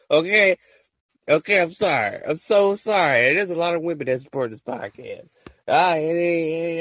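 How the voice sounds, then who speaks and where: A man hosting a casual podcast chat, talking to his listeners in a slangy, joking way that swings between loud and soft. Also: fairly high pitch, creaky, husky, dry recording, poor audio. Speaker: podcast host. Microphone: voice-message app.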